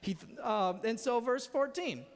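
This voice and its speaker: A man preaching a conversational, expressive sermon in a church sanctuary. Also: very high-pitched, a little slow. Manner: conversational, expressive, retells scenes with acted voices. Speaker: pastor. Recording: echoey church hall.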